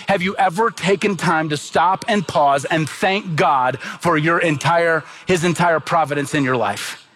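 A middle-aged pastor preaches a sermon earnestly and emphatically, asking the congregation rhetorical questions. His voice is fairly high with a fairly bright tone.

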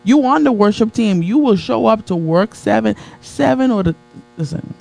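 Gravelly, mellow-voiced male motivational preacher. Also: moderate pace, low-quality recording. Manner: builds with repetition, call-and-response, laughs with crowd; swings between soft low asides and high excited peaks. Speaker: motivational speaker. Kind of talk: motivational sermon to a live audience.

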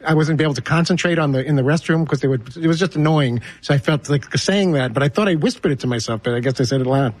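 A man with a New York accent telling a rambling, halting, self-deprecating story. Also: a little high, dry recording. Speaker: podcast regular telling a story. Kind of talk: rambling anecdote.

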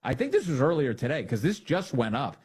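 A man's voice: medium pitch, sing-song, brisk, darkish tone, breathy edge. A man hosting a political commentary show, reacting to news clips in a mocking, opinionated way. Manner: mocking, laughs at his own jokes.

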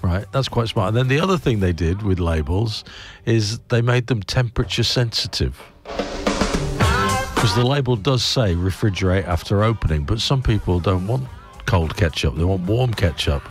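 A man's voice: fairly low pitch, animated, normal speed, faint music behind. A man presenting a morning radio show, rambling casually with chuckles and self-mocking asides. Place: radio studio.

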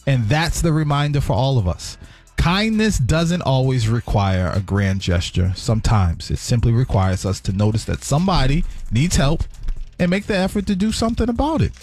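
A man co-hosting a radio show, wrapping up a good-news segment and reading an ad in a smooth, upbeat announcer manner. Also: medium pitch, expressive, moderate pace, darkish tone, soft background music. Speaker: radio co-host.

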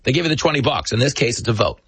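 Brief: emphatic male commentator, husky, dry close mic. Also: mid-range voice, racing, dry recording. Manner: emphatic, sarcastic, animated storyteller. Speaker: talk show host. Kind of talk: political commentary monologue.

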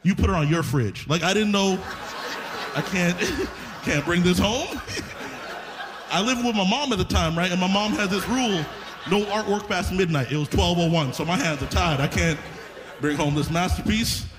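A man from Canada tells a chatty, self-mocking story on stage. His voice sits well up in a high register. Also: expressive, normal speed. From Winnipeg, Canada. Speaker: stand-up comedian. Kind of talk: live stand-up set.

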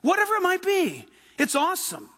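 High, bright-voiced preaching man. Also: a little fast. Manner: animated preaching, acts out quoted voices. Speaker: pastor. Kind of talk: sermon.

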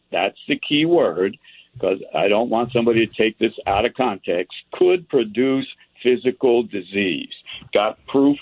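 A man with a lowish, husky voice teaches scripture to a group of men, reading verses and adding asides. He speaks slowly and deliberately. The sound is thin and phone-like, with a dry, close feel. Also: no room sound. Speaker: pastor. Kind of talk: Bible teaching to a men's group.

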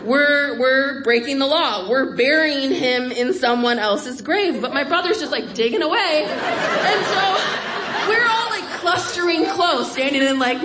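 A young woman telling a wry, animated story on stage before an audience, jumping to high pitch for emphasis. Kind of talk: live comic storytelling.

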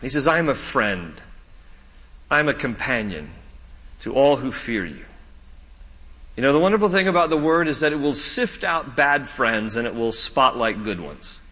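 A man's voice: medium pitch, animated, moderate pace, sharp tone, in a large hall. A man preaching a sermon, earnest and pleading, rising to urgent questions, then teaching in a conversational way. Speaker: pastor.

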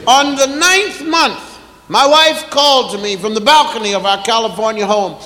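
On a theater stage before a live audience, a stand-up comedian with a very high-pitched voice tells a long story slowly, drawing it out and acting out sounds and voices. The roomy live-hall recording is noisy, with the crowd and audience laughter in the background.

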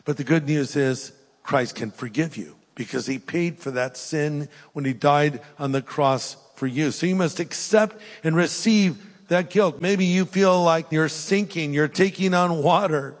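An older man preaching a sermon with an altar call, earnest and pleading, swinging between raised emphasis and hushed, soft appeals. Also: a little high, a little slow, big-room sound. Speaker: pastor. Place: church hall with live audience.

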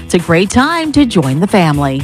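A woman's voice: on the low side, big pitch swings, a little fast, faint music behind. A woman co-hosting a radio pledge drive, urging listeners to give and repeating the phone number. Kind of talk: pledge drive fundraising appeal.

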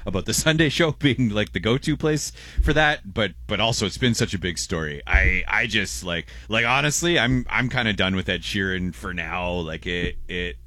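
A man's voice: on the low side, expressive, moderate pace, few pauses, bright, forceful tone, no room sound. A man co-hosting a casual radio show, reading listener messages with a rambling, stammering delivery and frequent laughs.

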